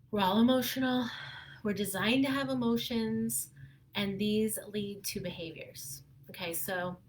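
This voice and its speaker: Slow, gentle woman parent coach. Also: fairly high pitch. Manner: gentle, earnest, unhurried with pauses. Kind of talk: live video advice talk.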